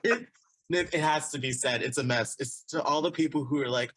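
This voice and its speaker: Chatty young man with a bright voice. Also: a little high, fairly quick, no room sound. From Texas, USA. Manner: chatty and rambling, with frequent laughter and restarts. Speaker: guest, illustrator and comic artist. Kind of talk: casual conversational interview.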